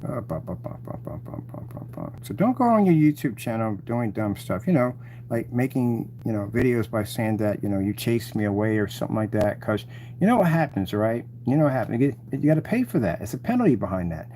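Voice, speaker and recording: Gloating man with a mellow voice. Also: mid-range voice, big pitch swings, brisk, slight background noise. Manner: mocking, gloating and taunting. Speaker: channel host taunting rivals. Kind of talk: rambling live-stream rant.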